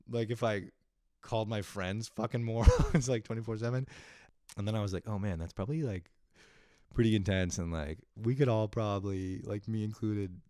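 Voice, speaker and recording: A man's voice: lowish voice, darkish tone, dry recording. A young man hosting a casual solo podcast, rambling and swearing a lot, laughing at himself as he talks into a close mic. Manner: rambling, profane, self-deprecating, with frequent laughs. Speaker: podcast host.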